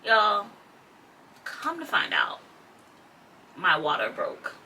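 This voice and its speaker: A woman's voice: lowish voice, wildly swooping pitch, takes it slowly, sharp tone. A young woman in her twenties, speaking, tells a personal story casually to her vlog audience, full of "like" and quoted speech. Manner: conversational, lots of "like" and quoted speech. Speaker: vlogger. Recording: distant mic with faint background noise.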